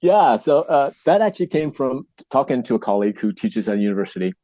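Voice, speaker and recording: A man telling an earnest, emotional story as a podcast guest, sometimes dropping soft and low. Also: big pitch swings, quick pace, no echo. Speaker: podcast guest, actor and workshop teacher. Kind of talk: casual storytelling.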